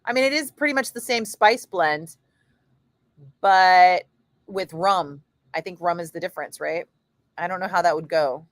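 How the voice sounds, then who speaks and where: A middle-aged woman, chatting casually with viewers on a home livestream, animated and sweary as she tells stories. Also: lowish voice, moderate pace, dry recording. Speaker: radio DJ chatting with live viewers.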